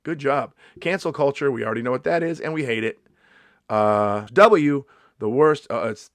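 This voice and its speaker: A man's voice: medium pitch, normal speed, no echo. Man in his fifties, comedian, sarcastic rant, swears freely, mock-indignant, dry close sound. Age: 50s. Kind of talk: comedic vlog monologue.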